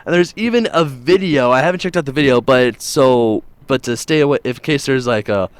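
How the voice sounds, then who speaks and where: A man's voice: mid-range voice, a little fast, smooth, no room sound. A man hosting a morning show, telling news stories in a rambling, jokey way with plenty of fillers. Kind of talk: casual radio-style chat.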